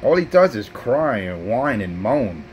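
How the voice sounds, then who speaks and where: A man's voice: mid-range voice, sing-song, a little slow, lo-fi sound, background noise. A man, trash-talking rivals as a brash, profane CB radio operator. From South Bronx, New York.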